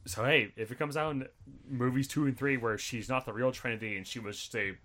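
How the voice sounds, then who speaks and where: Chill guy talking movies, agrees a lot, quick bursty explaining, mid voice. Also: medium pitch, pushed and bright. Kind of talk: casual chat about movies.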